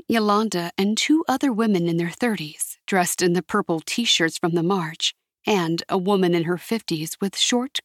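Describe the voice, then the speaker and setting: Husky woman narrating an audiobook. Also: medium pitch, dry recording, clean studio sound.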